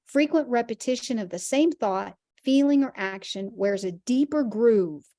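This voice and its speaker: A woman's voice: a little high, a little mellow, no echo, clean studio sound. A woman teaching a Christian health class, earnest and emphatic, using vivid everyday examples.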